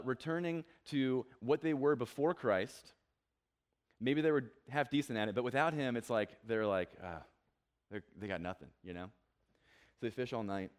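A man's voice: mid-range voice, smooth. A young man preaching a casual, conversational sermon, acting out quotes and joking about himself. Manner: conversational, self-deprecating, acts out quotes. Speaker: pastor.

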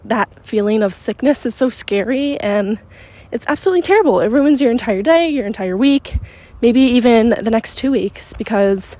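A young woman hosting a podcast, chatting excitedly while out on a walk, a little out of breath. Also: fairly high pitch. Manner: bubbly, rambling, excitable. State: slightly out of breath. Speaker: podcast host. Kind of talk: casual chat. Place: outdoors on a walk in a neighborhood, windy.

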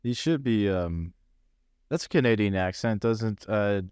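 A young man bantering in a casual comedic way, with a deadpan delivery and wry quips. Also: fairly low pitch, a little slow, clear, resonant tone, no echo, clean studio sound.

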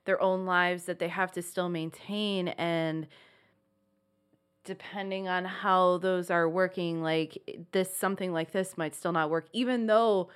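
A woman's voice: lowish voice, fairly even intonation, a little slow, clear, resonant tone. A woman co-hosting a podcast in casual chat, rambling with lots of "like" and restarts. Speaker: podcast co-host.

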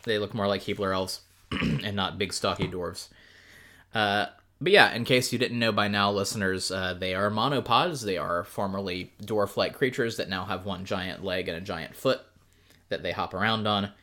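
A woman's voice: extremely low pitch, normal speed, fairly bright tone. A woman co-hosting a podcast, chatting casually about a book with a sarcastic edge and frequent laughs. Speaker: podcast co-host.

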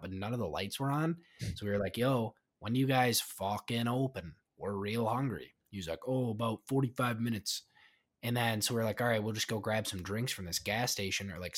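Young male co-host, low-pitched and easygoing, chatty storyteller. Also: fairly bright tone. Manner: laid-back, casual swearing. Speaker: podcast co-host. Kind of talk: casual chat, storytelling.

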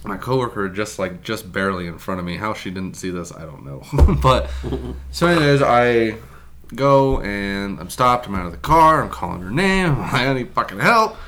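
A man's voice: on the low side, animated, normal speed, fairly bright tone, a little hiss or hum. A young man telling a story in casual podcast chat, laughing often and swearing freely.

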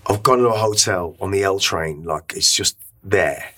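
A man's voice: low voice, normal speed, pushed and bright, a little hiss or hum. A middle-aged man, a podcast guest, telling an emotional story in a rambling way, with many restarts and casual swearing. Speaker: interview guest.

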